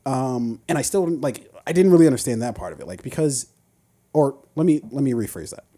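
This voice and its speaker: A man's voice: medium pitch, expressive, brisk, dark tone. A man hosting a podcast in casual chat, teasing his co-host, swearing freely and laughing often. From United States.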